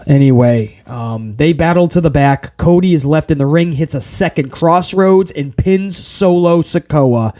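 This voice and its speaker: A man hosting a casual wrestling review, ranting in an animated, exasperated way. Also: fairly high pitch, unhurried, few pauses. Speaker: podcast host.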